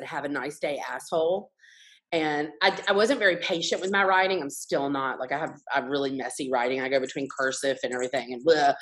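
A woman's voice: low-pitched, low-quality recording. A woman telling frank, profane childhood stories in a casual podcast chat. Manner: frank, profane, animated storyteller. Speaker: guest artist.

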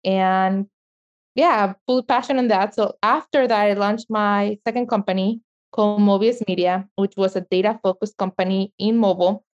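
A middle-aged woman from Mexico with a heavy Mexican accent, speaking as an interview guest in an animated, passionate way and laughing easily. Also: mid-range voice, normal speed, muffled recording. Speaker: guest, media entrepreneur. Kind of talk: interview conversation.

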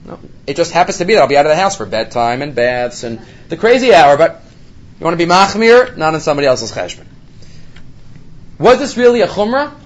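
A man with a high, very lively voice leads a Torah study lecture. He peppers his English with Hebrew study terms and keeps asking rhetorical questions, then answers them himself. His pitch swings widely from line to line. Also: fairly quick, muffled recording. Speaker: Torah class teacher.

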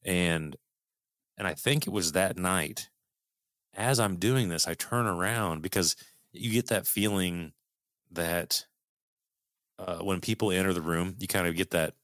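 A man's voice: low voice, a little slow, long pauses, fairly bright tone, no room sound, studio quality. A middle-aged man telling a personal story in casual conversation, earnest and swearing freely, often restarting sentences.

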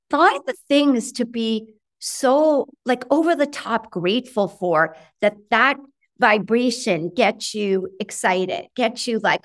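A woman in middle age, a guest in an interview, talking in a chatty, animated way with lots of fillers and acted-out quotes of her own thoughts. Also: on the high side. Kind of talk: conversational interview.

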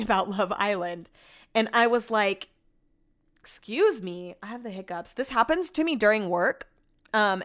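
Young woman podcast host gossiping away, smooth clear voice, super chatty and animated. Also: mid-range voice. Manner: chatty, gossipy and animated, reading out texts with a friend. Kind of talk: casual chat.

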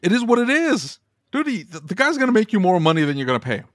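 A man's voice: high voice, big pitch swings, fast, dry recording, clean studio sound. A man co-hosting a podcast, talking in an exasperated, heated way and swearing casually. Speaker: podcast co-host. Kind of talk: animated ranting podcast conversation.

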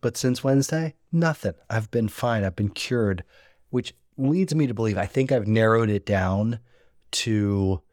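A man's voice: on the low side, measured pace, darkish tone, no room sound, studio quality. Rambling, joking male podcast host. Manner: rambling, joking, self-deprecating. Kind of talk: casual chat. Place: rural homestead.

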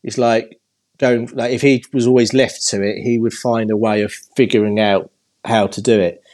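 A man's voice: mid-range voice, level tone, normal speed, darkish tone. A young man co-hosting a casual podcast chat as an expectant father, rambling and laughing at himself.

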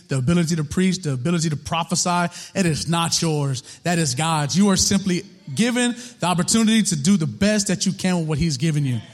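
A man preaching a sermon in a casual, conversational way, full of rhetorical questions and repetition. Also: on the high side. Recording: long reverb of a hall.

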